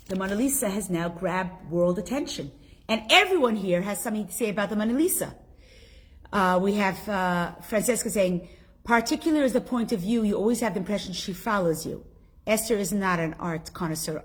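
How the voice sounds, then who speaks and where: A middle-aged woman teaching a live online class, chatty and animated, reading out viewer comments as she goes. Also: mid-range voice, husky.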